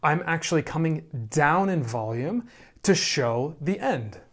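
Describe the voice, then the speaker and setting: A man teaching piano, calmly explaining phrasing and often checking in with "right?". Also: fairly high pitch. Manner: calm, slow explaining with frequent "right?" checks. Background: piano playing.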